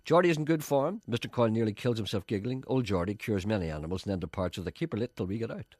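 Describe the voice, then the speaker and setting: Dry radio presenter, deep. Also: male voice, quick pace, darkish tone, no echo. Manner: dry, self-mocking, reads listener letters aloud. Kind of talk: wry radio chat with comic readings. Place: radio studio.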